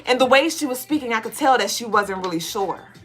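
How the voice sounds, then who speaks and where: A woman co-hosting a podcast of casual spiritual talk. She speaks bluntly, swears freely and fires off rapid rhetorical questions. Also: fairly high pitch, animated, a bit bright, faint music behind. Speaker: podcast co-host.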